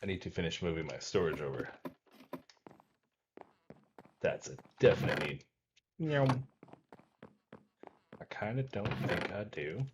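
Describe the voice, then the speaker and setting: Speaking fairly quickly with few pauses, a low-voiced man hosts a laid-back let's-play, explaining every move of his video game session aloud and talking himself through tasks. Background noise can be heard.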